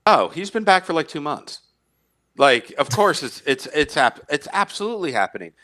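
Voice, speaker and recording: On a casual sports talk podcast, a man argues his case in a bright, forceful voice pitched slightly high. His pitch swings widely at a moderate pace, and he repeats words as his point builds, laughing at his own bold predictions.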